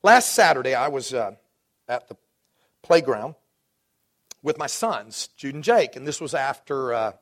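A man in his forties from Dallas preaching a sermon to his congregation, swinging between rising fervor and relaxed storytelling asides. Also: medium pitch, measured pace, long pauses. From Dallas, Texas. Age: 40s. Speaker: pastor.

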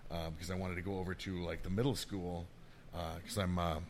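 A man's voice: sits low, level tone, fairly quick, slight background noise. A middle-aged man co-hosting a casual podcast, laughing often and ranting with heavy swearing. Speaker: podcast co-host. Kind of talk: casual chat.

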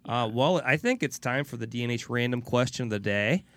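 A man's voice: mid-range voice, lively intonation, a little fast, a bit bright. A man hosting a casual podcast, friendly and appreciative, laughing easily. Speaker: podcast host, teacher.

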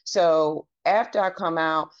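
Speaking slowly in a low voice, a woman on a podcast earnestly opens up about her personal story. She re-enacts what others told her using her own voice. The audio quality is dull and lo-fi.

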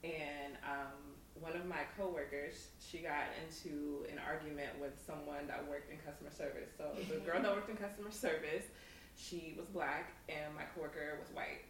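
Young woman, podcast co-host, relaxed storyteller, many fillers, distant mic, roomy echo. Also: sits low, moderate pace, a little hiss or hum. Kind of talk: casual storytelling. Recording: echoey room, mic at a distance.

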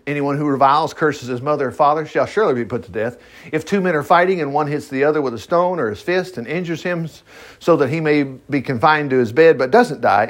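A man teaching from the Bible in a folksy, animated way, breaking off often to joke and comment. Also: on the high side. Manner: folksy, animated, quick to laugh and digress. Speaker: preacher.

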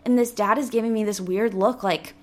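A woman in her twenties, a podcast host telling a casual story in a dramatic, animated way, with casual swearing. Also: mid-range voice, a little fast.

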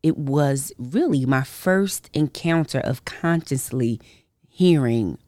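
A woman hosting a podcast and sharing a personal faith testimony in casual, colloquial speech, animated as she acts out her own reactions. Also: very deep voice, slow, dry recording, clean studio sound. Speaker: podcast host.

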